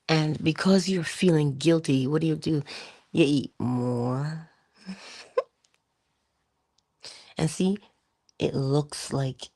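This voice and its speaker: Woman motivational speaker, husky and low, chatty delivery. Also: darkish tone. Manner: conversational, asks rhetorical questions. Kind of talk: inspirational talk.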